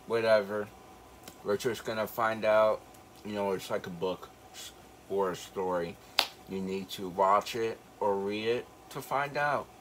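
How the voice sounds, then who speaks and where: A man's voice: on the low side, a little hiss or hum, low-quality recording. A teenage young man with a slight retainer-affected speech impediment, chatting casually in a rambling, hesitant way. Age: late teens. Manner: rambling, hesitant, lots of fillers. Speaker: video reactor. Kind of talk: casual chat.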